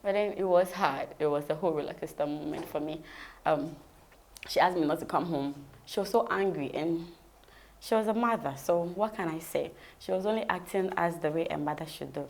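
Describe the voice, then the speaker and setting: A woman's voice: deep voice, brisk, a little mellow. A woman with a Ghanaian accent, an interview guest vividly telling her personal story and acting out the dialogue.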